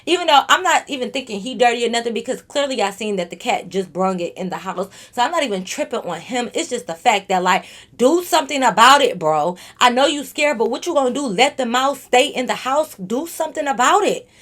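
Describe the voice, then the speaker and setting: A woman vlogger telling a storytime monologue straight to her viewers, animated and freely cursing. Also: on the high side, fairly quick, few pauses.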